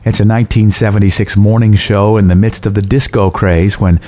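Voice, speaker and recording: Male radio host, mellow warm tone, lowish voice, measured delivery. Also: fairly even intonation. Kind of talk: scripted radio presenting.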